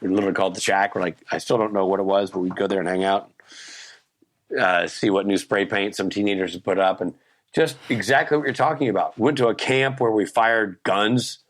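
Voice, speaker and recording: A man in his fifties with a Southern US accent, chatting as a podcast guest and telling animated stories with quick laughs and restarts. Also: fairly low pitch. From Nashville, Tennessee. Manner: animated storyteller, laughs often, frequent restarts. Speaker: guest, actor. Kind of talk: casual podcast chat.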